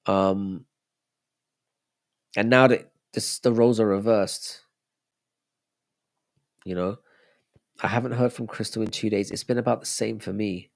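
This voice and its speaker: A man's voice: fairly low pitch, steady tone, measured pace, gravelly, long pauses. A young man hosting a casual live stream, chatting loosely and answering viewers' messages as he reads them out. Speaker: livestream host.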